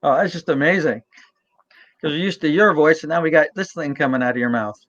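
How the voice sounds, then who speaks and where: A man's voice: on the high side, fairly quick, a bit bright, dry recording, muffled recording. A man hosting a casual interview, joking and stammering over restarts. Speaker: podcast host.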